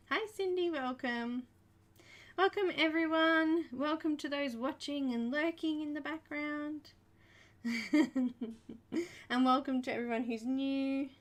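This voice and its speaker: An Australian woman hosting a live coloring tutorial, chatty and welcoming, laughing often as she greets viewers. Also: sits high. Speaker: art tutorial host.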